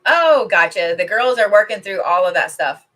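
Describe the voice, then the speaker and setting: A middle-aged woman doing intuitive card readings chats casually on a livestream from home, rambling along and swearing freely. Her medium-pitched voice is bright and forceful, with lively intonation at normal speed.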